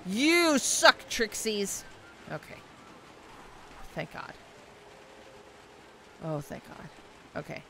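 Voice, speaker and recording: A woman giving let's play gameplay commentary, slightly hoarse from losing her voice, reacting aloud and talking back to the game. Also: low-pitched, extremely slow, long pauses, a bit bright, a little hiss or hum. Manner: reactive, exclaiming, talks to the game.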